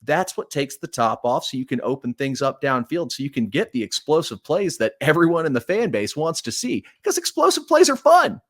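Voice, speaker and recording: A man co-hosts a casual sports podcast, speaking at an ordinary middle pitch. He walks through football schemes in an explanatory way and laughs easily at his partner's jokes. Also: expressive, a little fast, few pauses. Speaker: podcast co-host.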